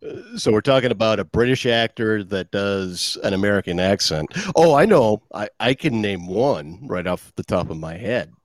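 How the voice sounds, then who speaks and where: A man co-hosting a casual podcast, talking in halting bits and laughing easily. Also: fairly low pitch, animated, no echo. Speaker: podcast co-host. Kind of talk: casual banter.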